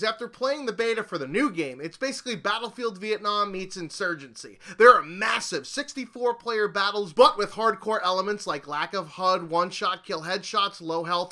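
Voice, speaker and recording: A man's voice: high-pitched, bright, forceful tone. A young man narrating a scripted video game review voice-over, with crude, jokey asides.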